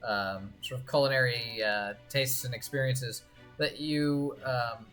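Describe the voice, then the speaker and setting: Game master narrating a tabletop rpg, slow and halting, lots of ums, faint music behind. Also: medium pitch, steady tone, a bit bright. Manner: halting, many fillers and restarts.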